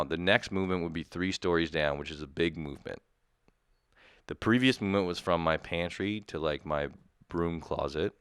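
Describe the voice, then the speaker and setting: A man's voice: sits low, fairly bright tone, clean tone, no echo, clean studio sound. A young man ranting comedically, exasperated and profane, mock outrage building between laughs. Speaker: podcast host. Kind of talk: comedic rant.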